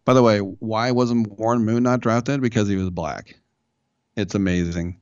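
A man's voice: fairly low pitch, steady tone, moderate pace, smooth, no echo, lo-fi sound. A man hosting a sports radio show, talking in a loose, chatty way with jokey asides. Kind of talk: casual talk radio interview.

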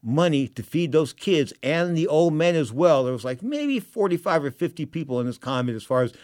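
A middle-aged man from San Francisco hosting a talk radio show, telling stories in an emotional, animated way with repeated phrases. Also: a little high, fairly quick, no echo, studio quality. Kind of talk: storytelling talk radio monologue.

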